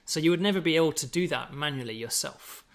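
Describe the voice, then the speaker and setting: Speaking quickly in a fairly high, gravelly, slightly bright voice, an English game developer casually explains a game update. His gameplay walkthrough is chatty, full of British slang, and he keeps saying "you know" and "right?".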